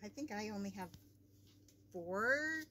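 A woman co-hosting a casual sewing vlog, soft-spoken and gently teasing. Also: mid-range voice, expressive, slow pace, slight background noise. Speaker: co-host.

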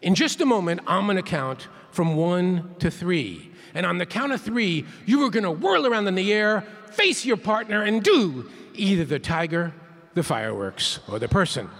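Leading call-and-response counts with a crowd in a large conference hall, a male keynote speaker keeps his interactive plenary talk playful. His high-pitched voice is a bit bright, swings widely in pitch, and moves at a moderate pace.

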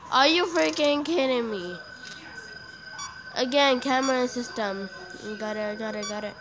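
A woman giving let's play commentary on a horror game, panicking and shrieking, repeating herself, then muttering to calm herself down. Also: fairly high pitch, a little slow, low-quality recording. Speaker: gamer playing a horror game.

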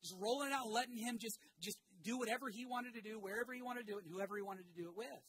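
Animated male pastor preaching. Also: high voice, racing, husky, rough recording. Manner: animated storytelling with shouted asides; calls on the congregation to repeat phrases. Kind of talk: sermon. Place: church sanctuary.

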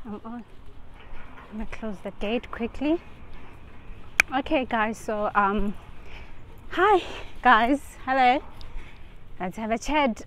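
A woman's voice: medium pitch, a little hiss or hum, rough recording. A woman talking casually in a rambling way while out of breath from walking outdoors, filming on her phone. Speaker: vlogger. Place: outdoors on a street. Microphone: phone held while walking.

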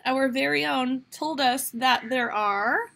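A woman's voice: high-pitched, slow pace, vocal fry, sharp tone. A woman teaching a fifth grade math lesson on video, upbeat and encouraging as she talks straight to her students. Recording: faint background noise. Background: toddler babbling nearby.

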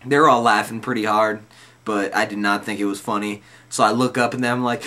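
A man's voice: fairly low pitch, fairly even intonation, fast talker, pushed and bright. Laid-back young man telling a rambling story. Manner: rambling, loose and slangy, lots of "like" and "dude". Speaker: vlogger telling a personal story. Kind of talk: casual storytelling.

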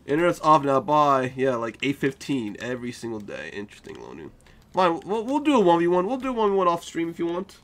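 A man's voice: fairly high pitch, very animated, a little fast, a bit bright. A tired young man chatting casually with viewers while he plays a live game stream, joking and defending himself. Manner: drowsy, playfully defensive banter.

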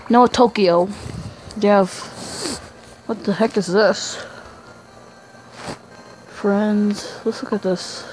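A man's voice: high-pitched, a little hiss or hum, rough recording. A young male gamer with a sick, congested voice, chatting aimlessly to viewers while playing. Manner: rambling, chatty asides to viewers. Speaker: gaming channel host. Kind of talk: let's-play game commentary.

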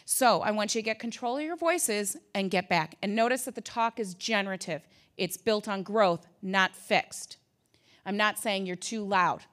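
Bright-voiced woman telling stories at a conference. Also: medium pitch, moderate pace. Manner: lively storytelling with asides, humor and acted quotes. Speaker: conference presenter. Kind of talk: conference talk.

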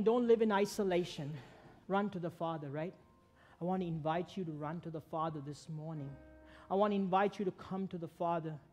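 A man preaching a church sermon, retelling a story dramatically with sudden swells and drops in volume. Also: high-pitched. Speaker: pastor.

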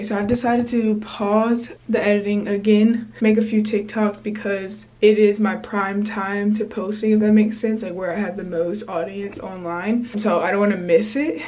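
Chatty young woman vlogging, noisy background. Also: mid-range voice. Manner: chatty and animated, talking to the camera. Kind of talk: casual vlog chat. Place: at home, then in a car. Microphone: handheld camera.

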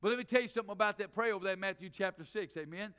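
A middle-aged man, a pastor preaching a sermon in church, swinging between loud emphatic preaching and quick low asides. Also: clear, resonant tone. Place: church sanctuary.

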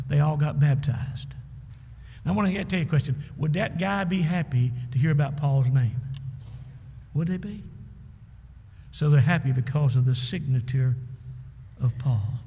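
A man's voice: on the high side, darkish tone, husky, in a large hall. A man preaching a sermon as pastor, emphatic, with calls and responses to the congregation. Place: church sanctuary.

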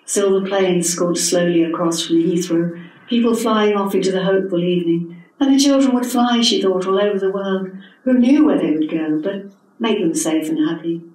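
A woman, reading her own story at a literary event in a measured, expressive way. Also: mid-range voice. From England. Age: 70s. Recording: echoey hall from a distant mic.

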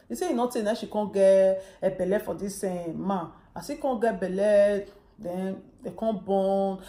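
Mellow-voiced woman telling a story in Pidgin. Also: medium pitch, echoey room. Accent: Nigerian Pidgin. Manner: retells a story with quoted dialogue. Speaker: vlogger. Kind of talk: casual storytelling.

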